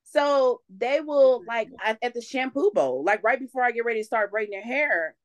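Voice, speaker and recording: A young adult woman, a podcast guest telling lively faith stories in casual conversation and acting out what people said. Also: fairly high pitch, moderate pace. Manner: animated storyteller, acts out quotes.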